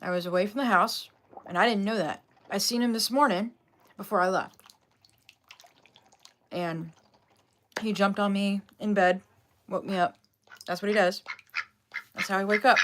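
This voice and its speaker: A woman's voice: medium pitch, fairly even intonation, moderate pace, long pauses, fairly bright tone, slight background noise. A young woman hosting a casual livestream from home, talking in a rambling way with lots of fillers. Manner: rambling, filler-heavy and chatty. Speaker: livestream host.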